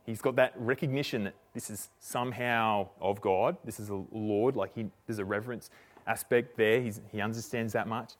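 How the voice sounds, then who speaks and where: A man preaching a sermon, retelling a story in a relaxed, chatty way with slang and frequent restarts. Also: fairly low pitch, normal speed.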